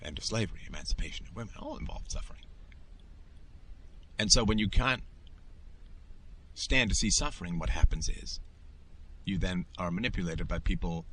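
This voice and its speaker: A man's voice: deep voice, brisk, a bit bright, slight background noise. A middle-aged man hosting a show, delivering an emphatic, opinionated monologue in a lecturing manner. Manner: emphatic, lecturing, acts out quoted voices. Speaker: podcast host.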